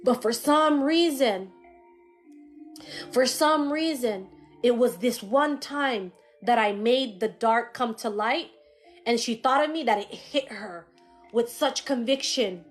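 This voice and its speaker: Woman psychic, live reading, casual and animated, cursing freely, high voice. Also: slow pace, faint music behind. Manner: casual and animated, swears and laughs often. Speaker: psychic medium.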